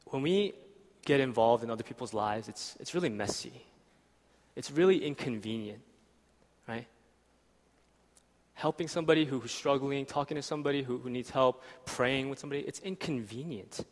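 In a reverberant church hall, a young preacher delivers his sermon at a moderate pace, leaving long pauses. His mid-range voice stays casual and chatty, and he often tosses in a "right?"

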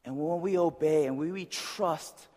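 High-voiced man preaching in an echoey hall. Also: a little slow, a little mellow. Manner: conversational, with frequent "right?" asides. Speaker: pastor. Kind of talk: sermon. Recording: long reverb of a large hall.

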